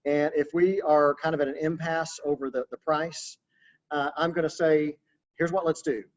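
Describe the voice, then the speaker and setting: A man coaching real estate agents in a relaxed, conversational webinar talk over a video call. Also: a little high, normal speed, dull audio. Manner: casual, conversational, practical coaching.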